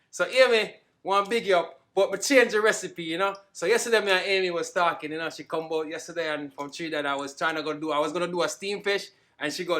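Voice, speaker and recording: Chatty Jamaican man cooking. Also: sits high. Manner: relaxed, chatty, patois phrases. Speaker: cook. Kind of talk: casual cooking demonstration.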